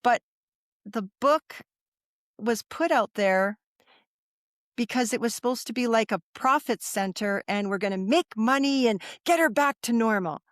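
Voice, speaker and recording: A woman's voice: on the high side, animated, a little slow, dry recording, clean studio sound. A middle-aged woman sharing a personal story as a podcast guest, earnest and repeating phrases for emphasis.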